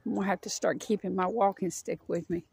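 A woman's voice: medium pitch, steady tone, quick pace, gravelly, darkish tone, slightly rough. A woman chatting casually as she walks her dog along a wooded park trail, a little out of breath. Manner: chatty, rambling, talks sweetly to her dog. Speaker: vlogger walking her dog. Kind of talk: casual walking narration.

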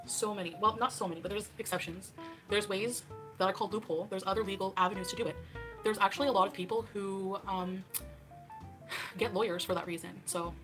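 A woman in her thirties on a casual livestream, defensive and argumentative as she reacts to clips. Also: mid-range voice.

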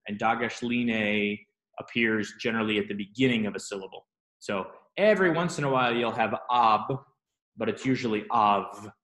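A man's voice: medium pitch, a bit bright. A man teaches a class in an ordinary mid-range voice, walking through each point patiently. He keeps checking in with questions to the room. The classroom echo rings around him. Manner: explanatory, asks students questions.

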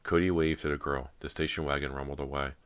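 Very deep-voiced male audiobook narrator. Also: flat delivery, fast, fairly bright tone, smooth, no echo.

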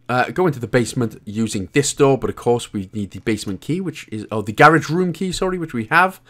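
A Welsh man talks the listener through a video game walkthrough in a jokey, chatty way, throwing in the odd swear word. His pitch rises and falls a great deal, keeping the delivery animated. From Wales. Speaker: gaming guide host.

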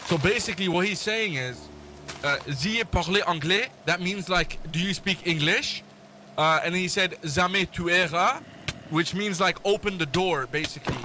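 Young male streamer, high-voiced, joking and excitable, game noise underneath. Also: moderate pace. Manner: excitable, joking, mock-translating foreign phrases. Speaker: gaming streamer. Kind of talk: casual gaming chat.

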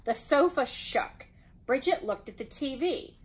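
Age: adult. Woman reading a picture book, slow and lively. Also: sits high, rough recording. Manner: expressive, unhurried. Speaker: storyteller.

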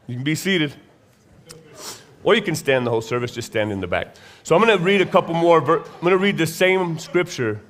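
A man preaching a sermon in a church, reading scripture and praying, rising to emphatic bursts and dropping low and slow. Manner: rises to emphatic high bursts, then drops low and slow. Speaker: pastor. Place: church sanctuary.

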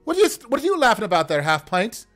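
A man's voice: wildly swooping pitch, quick pace, fairly bright tone, soft background music, heavily acted. A man voicing a jittery male half-orc storyteller with a put-on Italian accent, stammering and pleading. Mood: defensive. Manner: pleading, stammering, high and strained.

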